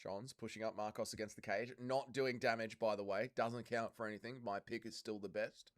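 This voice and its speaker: Fairly low in pitch and steady, this male livestream host keeps a brisk pace. He's running a watch-along, voicing viewer messages, bantering crudely, swearing freely and calling everyone "mate."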